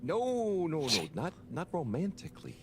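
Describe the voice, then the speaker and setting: A mild, flustered young janitor in a video game, hesitant and polite, with a sing-song voice that swings high and low. He sneezes now and then, and faint noise sits under the voice. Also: wildly swooping pitch, moderate pace. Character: gentle awkward young man janitor, easily flustered.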